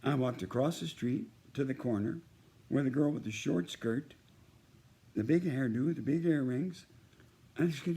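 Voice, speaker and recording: Gravelly older man spinning a rambling yarn. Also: mid-range voice, moderate pace, warm tone. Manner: rambling, jumps from story to story. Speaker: performer sending a birthday message. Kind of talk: casual anecdote told to one listener.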